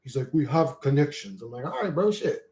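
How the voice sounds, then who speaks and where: A young man ranting profanely on a live stream, reading chat aloud and swinging between loud outbursts and low mutters. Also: sing-song, a little fast. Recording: echoey room.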